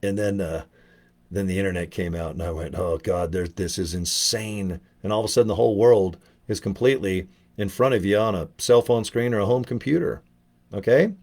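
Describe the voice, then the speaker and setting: A man's voice: fairly low pitch, a little fast, mellow. A middle-aged man promoting network marketing in a casual motivational video, talking in a loose, rambling way with frequent swearing and restarts.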